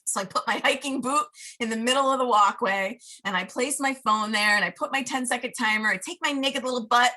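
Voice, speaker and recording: Bright-voiced woman telling a story. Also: a little high, brisk, few pauses. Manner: animated, laughing, acts out her inner voices. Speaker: podcast guest, life coach. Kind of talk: casual storytelling chat.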